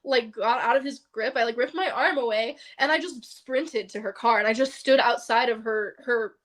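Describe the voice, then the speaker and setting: A woman's voice: fairly high pitch, normal speed, fairly bright tone. A young woman, a podcast guest, casually telling a personal story in a chatty way, filling her speech with "like".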